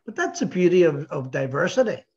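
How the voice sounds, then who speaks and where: A man's voice: fairly high pitch, very animated, a little fast, a little mellow. A man hosting an interview, asking rambling questions and teasing his guest. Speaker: interview host. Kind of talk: casual interview chat. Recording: dull lo-fi recording.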